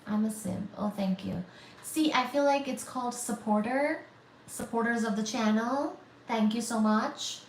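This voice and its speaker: A woman's voice: a little high, unhurried, reverberant, slight background noise, rough recording. A woman from India hosting a physics channel livestream, reading viewer comments aloud and answering them in a teasing, chatty way. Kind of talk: casual livestream chat.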